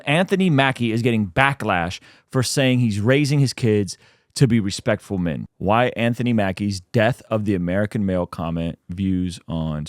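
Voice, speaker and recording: Male podcast host, casual commentary, excitable with sudden high reactions, dry close sound. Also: no echo. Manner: animated, excitable, voice jumps high when reacting.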